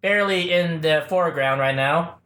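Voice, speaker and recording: A man hosting a casual podcast, excitable, swearing and laughing often. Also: fairly high pitch, normal speed. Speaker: podcast host.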